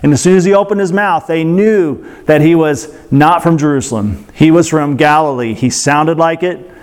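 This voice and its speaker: A man's voice: fairly high pitch, normal speed, a little mellow. A man preaching a sermon in a conversational way, breaking off into asides and fillers. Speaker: pastor.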